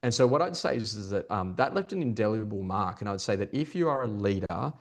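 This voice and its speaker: Fast-talking man telling stories. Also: lowish voice. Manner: fast, animated storytelling with many restarts. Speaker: guest, performance coach. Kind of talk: conversational podcast interview.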